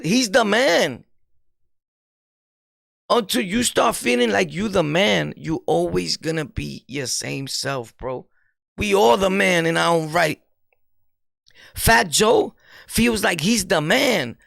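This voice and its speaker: New york streamer dude lecturing haters, gravelly, slangy, laughs a lot, dry close mic. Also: male voice, sits high, no room sound. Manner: animated, preachy, laughs often, street slang. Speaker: streamer and YouTuber. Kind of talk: casual commentary monologue.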